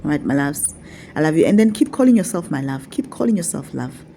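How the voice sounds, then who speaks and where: A woman with a fairly low, mellow voice teaches her online followers about spiritual practice. She talks in a casual, affectionate way and repeats her points to coax them along. A faint hiss of noise sits under her voice. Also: very animated, a little fast, vocal fry. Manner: repetitive, coaxing, affectionate.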